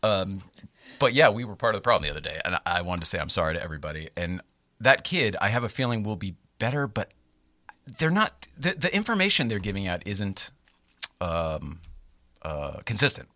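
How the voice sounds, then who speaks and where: Animated man telling a story, bright voice. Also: deep voice, a little fast, no room sound. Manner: animated, laughs often, acts out voices in quotes. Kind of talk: casual storytelling chat.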